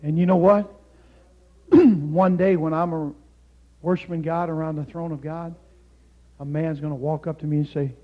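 An older man preaching a sermon, moving between quiet storytelling and loud, impassioned exhortation. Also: fairly high pitch, level tone, moderate pace, phone-quality sound. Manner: swings from hushed storytelling to shouted, impassioned preaching.

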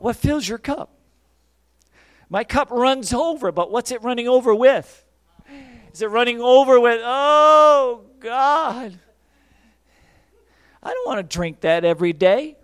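A man preaching a sermon, fervent, swinging from quiet musings to shouted praise and acting out quoted voices. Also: high voice, expressive, normal speed, dry recording.

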